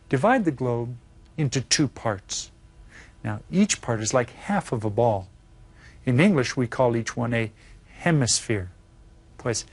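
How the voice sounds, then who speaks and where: Patient man teaching Spanish. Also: mid-range voice. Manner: clear, patient teaching with prompts to repeat. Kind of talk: classroom geography lesson.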